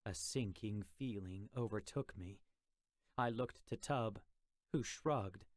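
A male audiobook narrator reading a first-person story in a measured, expressive way. He takes an unhurried pace, and the booth sound is close and completely dry. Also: on the low side, no echo.

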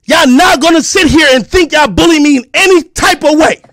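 Man, streamer, heated profane rant, very high voice, frequent shouting, dry close sound. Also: a little fast, dry recording. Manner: confrontational, profane, bursts into shouting. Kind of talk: angry livestream rant.

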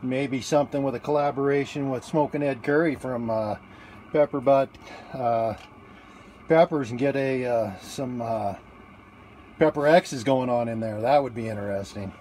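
A man's voice: mid-range voice, moderate pace, a little mellow, slight background noise. A man live-streaming from an outdoor barbecue grill on a phone held in one hand, chatting casually and rambling with plenty of fillers and restarts. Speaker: livestreamer taking a food challenge.

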